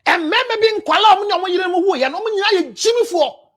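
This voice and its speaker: High, lively Ghanaian woman counselor. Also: fast. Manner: blunt, scolding, bursts into shouting. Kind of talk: scolding advice talk.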